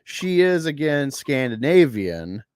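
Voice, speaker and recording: A man's voice: a little high, very animated, takes it slowly, darkish tone, clean tone, dry recording, clean studio sound. A man hosting a casual reaction chat, rambling with many fillers and laughing at his own jokes. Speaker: host.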